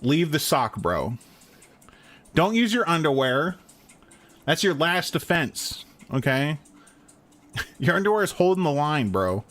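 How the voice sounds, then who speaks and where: Young male streamer, slightly high, expressive delivery, slangy jokes. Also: slow, long pauses. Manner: crude joking banter with chat, slangy. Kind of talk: casual gameplay chat.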